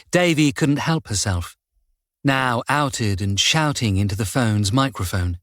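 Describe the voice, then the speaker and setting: A male narrator reads a thriller in a slow, measured voice of middling pitch. The recording is dry and close, with no room sound. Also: expressive, no echo. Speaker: audiobook narrator. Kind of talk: scripted narration.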